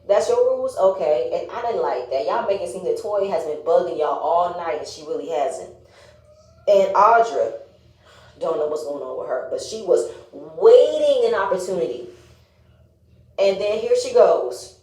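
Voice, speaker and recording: A woman's voice: fairly low pitch, expressive, normal speed, dark tone. Sassy woman reviewing reality TV, echoey room. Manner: sassy, blunt, swears freely, acts out quotes. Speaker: reality TV recapper. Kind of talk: casual reality show review.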